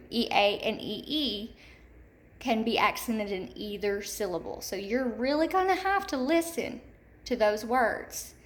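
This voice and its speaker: A woman teaching a third grade word study lesson, enunciating slowly and repeating example words for young children. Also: mid-range voice. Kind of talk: recorded remote lesson.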